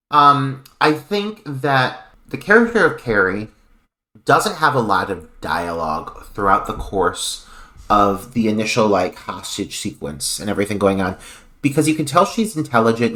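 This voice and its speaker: Guy on a horror movie podcast, breaks down scenes, laughs a lot, average pitch. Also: a bit bright. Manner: analytical, laughs often while recapping. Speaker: podcast co-host. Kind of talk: casual film review chat.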